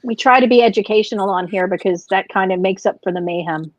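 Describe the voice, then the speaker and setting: A woman's voice: mid-range voice, fast talker, no room sound. A woman hosting a casual chat on a video call, encouraging and keeping the talk moving. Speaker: podcast host. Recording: dull lo-fi call audio.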